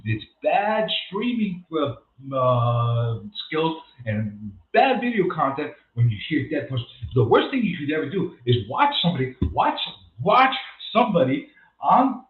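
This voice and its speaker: Ranting through an unscripted livestream, this host rambles and keeps repeating himself. His voice is on the high side, very animated but a little slow, and the audio has a tinny, echoey, phone-like quality.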